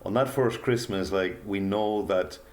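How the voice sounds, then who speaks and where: An older man, a guest author, telling a personal story in an earnest, halting way with many pauses and fillers. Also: deep voice, darkish tone. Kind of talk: reflective storytelling interview.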